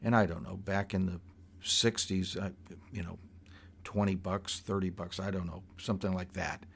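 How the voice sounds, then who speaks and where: A man's voice: deep voice, steady tone, gravelly, fairly bright tone, slight background noise. Older man telling a rambling story. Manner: rambling, halting with restarts. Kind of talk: personal storytelling.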